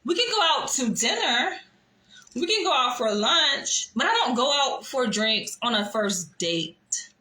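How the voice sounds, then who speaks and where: A young woman telling a dating story to camera, animated and exasperated, swearing freely. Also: sits high, measured pace. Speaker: vlogger. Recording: echoey room.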